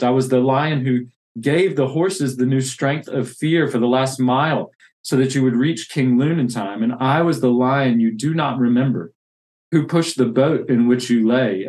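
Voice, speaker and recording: A man voicing a huge, wise male lion from a storybook, reading his lines slowly and softly. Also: medium pitch, close to an everyday voice.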